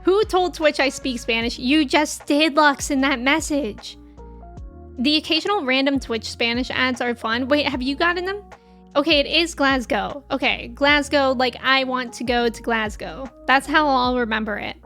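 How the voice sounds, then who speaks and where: Young American woman game streamer, high-pitched, rambling casual chat with viewers. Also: moderate pace, a bit bright, soft background music. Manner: chatty, rambling, laughs often.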